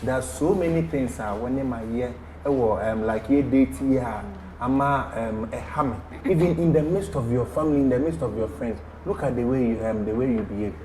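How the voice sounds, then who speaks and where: A man's voice: medium pitch, moderate pace, mellow, reverberant, slight background noise. A man with a Ghanaian accent, a panelist on a talk show, giving emphatic, preachy advice.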